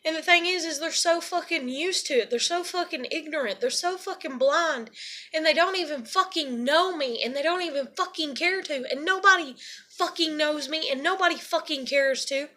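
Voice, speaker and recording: A woman's voice: high-pitched, moderate pace, sharp tone. A young woman and single mother venting in a rambling, profane personal monologue.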